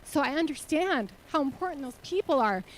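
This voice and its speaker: High-voiced woman giving a motivational keynote. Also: lively intonation, fairly quick, a little hiss or hum, poor audio. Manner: earnest, rhetorical questions to the audience. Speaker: keynote speaker and nonprofit CEO. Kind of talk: motivational conference talk. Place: conference hall stage.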